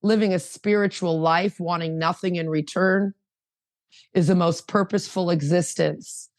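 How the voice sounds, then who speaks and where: A woman's voice: lowish voice, fairly even intonation, normal speed, darkish tone, dry recording, clean studio sound. A woman in her fifties sharing her recovery story at an online meeting, fervent and emotional, firing off rhetorical questions over a video call. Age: 50s.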